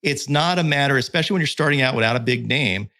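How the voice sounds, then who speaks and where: Speaking fast in a pushed, bright, medium-pitched voice, a middle-aged man guests on a casual podcast as a content creator and pitching analyst. He's candid and emphatic, with fillers and restarts throughout.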